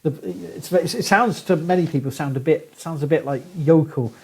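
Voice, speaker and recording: A man's voice: fairly high pitch, normal speed, a little mellow, slightly rough, low-quality recording. A middle-aged man with a Southern English accent, a guest archaeologist telling chatty anecdotes with frequent laughs in a casual podcast conversation. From southern England.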